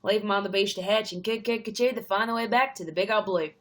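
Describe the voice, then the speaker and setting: A woman's voice: medium pitch, steady tone, fast talker, a bit bright, lightly acted. A woman voicing a laid-back old male surfer sea turtle in an exaggerated Australian accent, drawling.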